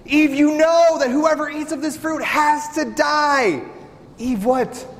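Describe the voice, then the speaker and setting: Preacher playing desperate Adam: high, shaky, pleading, echoing hall. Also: male voice, takes it slowly, exaggerated voice. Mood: panicked. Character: panicked young Adam pleading with God. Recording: reverberant hall with faint ambience.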